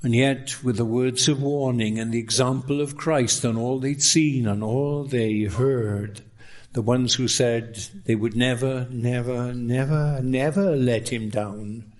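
A man preaching a sermon, emphatic, with rising exclamations and lines that drop to a hush. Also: medium pitch, steady tone, slow pace.

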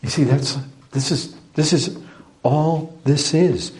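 A man preaching a sermon, emphatic, with sudden surges in pitch and loudness. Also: slow pace.

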